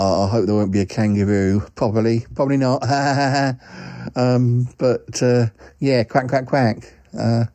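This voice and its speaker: A man's voice: medium pitch, mellow, no echo, natural voice. A man playing a rambling quacking duck. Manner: rambling, full of ums, quacks between phrases. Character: rambling male talking duck on travels. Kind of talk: comic voice message.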